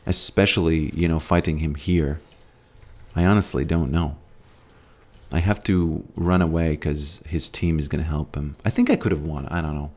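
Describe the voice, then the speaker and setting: Low-voiced man rambling over gameplay. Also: fairly even intonation, normal speed, darkish tone. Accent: American. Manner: rambling, loose, with frequent fillers and trailing thoughts. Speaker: streamer. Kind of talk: casual gameplay commentary, reading chat aloud.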